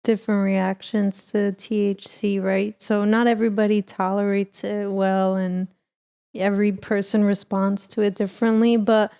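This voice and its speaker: A woman co-hosting a casual chat, speaking in a measured, thoughtful way. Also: mid-range voice, little pitch movement, mellow, smooth. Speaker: co-host.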